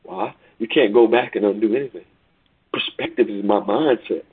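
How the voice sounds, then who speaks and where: A man preaching a sermon over a call, rising and falling in pitch and volume and repeating phrases for emphasis. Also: moderate pace, husky. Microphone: phone call. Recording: tinny phone line.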